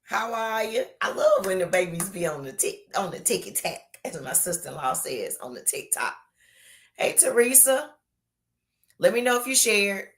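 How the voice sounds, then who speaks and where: A woman pastor hosting an online Bible study, chatting casually with drawn-out emphasis while reading viewers' comments aloud. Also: medium pitch. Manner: animated, drawn-out emphasis, calls people baby.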